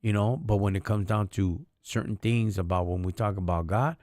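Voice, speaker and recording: This live-stream host spins stories in relaxed, street-casual slang, calling people "dog" and "homie," while staying earnest and faith-focused. He speaks at normal speed in a steady, slightly mellow, fairly low voice, recorded studio-clean without echo.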